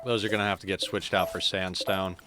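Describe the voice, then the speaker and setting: A man's voice: flat delivery, a little fast, background noise. A man streaming a game and chatting casually, his voice a little sore from talking all day. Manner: coos to his cat in a high sing-song baby voice. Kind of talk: casual gaming stream chat.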